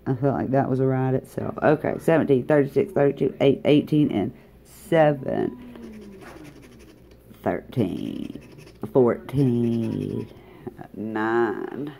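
A woman's voice: very deep voice, sing-song, slow, creaky, pauses often, mellow, a little hiss or hum. A woman chatting casually to viewers while scratching lottery tickets in a hotel room, drawling and talkative.

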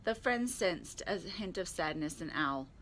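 A woman at a library storytime, reading a picture book aloud in a clear, expressive way. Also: lowish voice, a little slow, slight background noise.

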